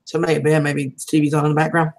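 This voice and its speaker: A woman's voice: low voice, flat delivery, fast, rough recording. A woman hosting a livestream, chatting casually and laughing often, her voice starting to tire. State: voice tiring. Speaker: livestream host. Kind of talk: casual chat.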